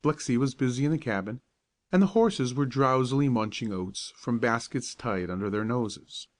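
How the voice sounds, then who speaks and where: Man, storyteller, calm bedtime audiobook narration, measured, mid pitch.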